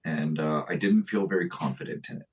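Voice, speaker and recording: A man's voice: low voice, husky. A man who is a guest on a podcast, speaking bluntly in casual conversation and often restarting his sentences. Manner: blunt, halting with many restarts.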